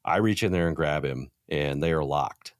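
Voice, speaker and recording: A man in his thirties spins a story as a guest on a podcast, lively and full of swearing. His voice sits low, and the sound is dry and close with no room around it. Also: moderate pace, no echo. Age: 30s. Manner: animated, profane storyteller. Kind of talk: casual storytelling chat.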